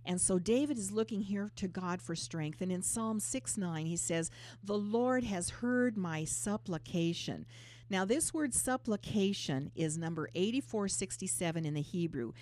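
A woman's voice: lowish voice, lively intonation, moderate pace, few pauses, darkish tone. Earnest woman teaching scripture. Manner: earnest, explains scripture verse by verse. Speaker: Bible teacher co-host. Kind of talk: Bible teaching talk.

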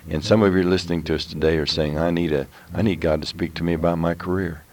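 Deep-voiced man preaching to listeners. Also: level tone, fast. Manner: exhorting, direct address to listeners. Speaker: co-host. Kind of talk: preaching on a talk show.

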